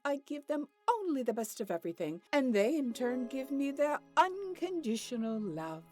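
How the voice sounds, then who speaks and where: A woman's voice: high voice, sing-song, normal speed, a little mellow, soft background music. A gushing, doting pet lady. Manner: gushing, sweet and sing-song. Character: doting middle-aged woman fussing over pet cats and squirrels. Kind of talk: video game voice acting.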